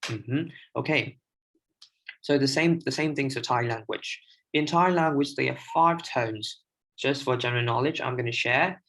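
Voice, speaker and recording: Gravelly-voiced young man, halting speech. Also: medium pitch, fairly bright tone, rough recording. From Myanmar. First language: Burmese. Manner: hesitant, many restarts and fillers. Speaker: language learner sharing tips. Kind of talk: casual livestream talk.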